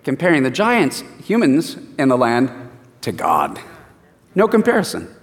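A man preaching a sermon and reading scripture, an animated storyteller who acts out the voices. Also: medium pitch, unhurried, big-room sound.

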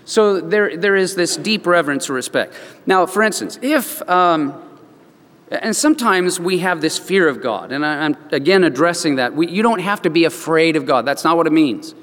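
A man's voice: on the high side, animated, moderate pace, fairly bright tone, long reverb tail. A man preaching a sermon, telling stories and acting out the voices of the people in them. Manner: storytelling, acts out voices in quotes. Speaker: pastor.

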